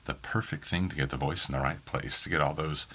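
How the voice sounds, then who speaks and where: A man's voice: rumbling low, steady tone, fairly quick, sharp tone, breathy edge. A man from Oklahoma with a faint Southern accent, an audiobook narrator answering interview questions in a rambling way full of ums. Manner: rambling, many ums and restarts. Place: small home booth in a spare bedroom.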